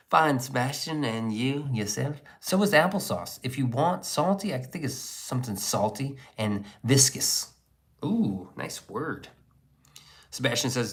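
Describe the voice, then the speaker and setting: A man's voice: on the low side, lively intonation, normal speed, a bit bright. Crude joking man hosting a livestream. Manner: crude, joking, rambling banter. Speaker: livestream host. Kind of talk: casual livestream chat reading.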